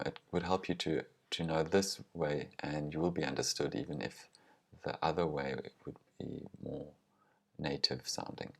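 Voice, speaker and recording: A man teaching language grammar, explaining with example phrases and pronouncing them slowly and carefully. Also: a bass voice.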